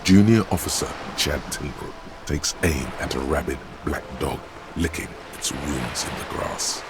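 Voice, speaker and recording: An actor voicing a solemn, ominous narrator in a video game, with slow storytelling, in game audio with background noise. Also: male voice, extremely low pitch. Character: deep gravelly game narrator, grave and ominous.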